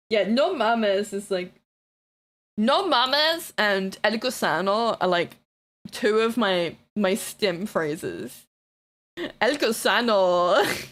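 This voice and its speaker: Lively, playful woman streamer. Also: mid-range voice. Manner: blunt and playful, swearing and teasing chat; excitable, with bursts of shouting and laughter. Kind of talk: casual live-stream chat, reading chat.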